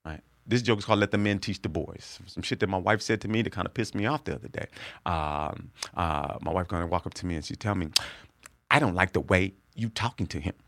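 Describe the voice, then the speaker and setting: A middle-aged man, a comedian, telling a profane story with loud bursts of laughter on a podcast. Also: low voice, a little fast, no echo. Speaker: comedian guest.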